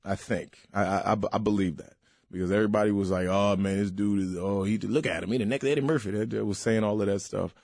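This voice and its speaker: A man with a low, gravelly voice chats as a comedy guest, loose and slangy, full of quick restarts. The studio sound is dry and close. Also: steady tone, a little mellow, no echo. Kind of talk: casual interview chat.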